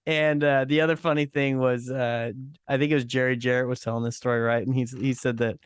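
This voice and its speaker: A man's voice: mid-range voice, flat delivery, a little fast, smooth, no echo. A man co-hosting a comedy podcast, chuckling and swearing freely in casual chat. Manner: chuckling, swears freely, trips over restarts. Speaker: podcast co-host.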